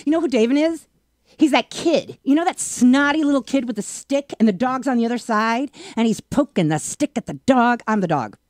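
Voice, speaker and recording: A woman's voice: on the high side, fairly quick, no room sound. Midwest lady cohosting a live stream, teasing and laughing, voice swoops all over, close dry mic. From American Midwest. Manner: animated, teasing, breaks into laughter. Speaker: co-host. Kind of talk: casual live-stream banter.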